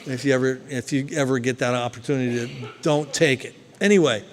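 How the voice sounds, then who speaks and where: A man speaking at a recovery meeting, telling his story with lively, acted-out scenes. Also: medium pitch, brisk. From New Jersey. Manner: animated storyteller, acts out scenes loudly. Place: meeting hall. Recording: long hall reverb.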